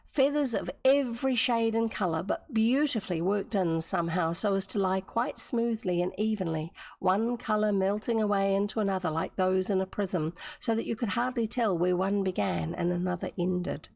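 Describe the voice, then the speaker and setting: A woman's voice: medium pitch, moderate pace, vocal fry, hardly any pauses, darkish tone, no room sound, studio quality. A woman from New Zealand reading a classic novel aloud on a livestream, with chatty explanatory asides. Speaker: storybook reader on a livestream.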